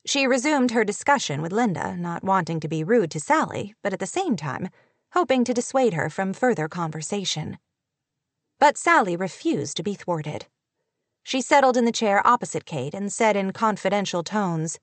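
A woman reading a novel aloud in measured, scripted audiobook narration. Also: mid-range voice, expressive, no room sound.

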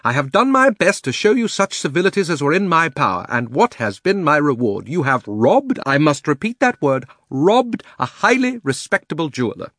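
A man voicing a pompous, indignant older gentleman who complains at length. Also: fairly high pitch, big pitch swings, moderate pace, few pauses, dry recording, clean studio sound, voice pushed up, full character voice.

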